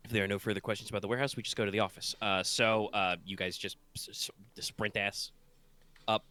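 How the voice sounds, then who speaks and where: A man's voice: lowish voice, steady tone, racing, bright, forceful tone, clean tone. A man narrating a tabletop game as game master over a voice call, drowsy and rambling with many fillers. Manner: rambling, full of fillers and restarts. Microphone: online voice call.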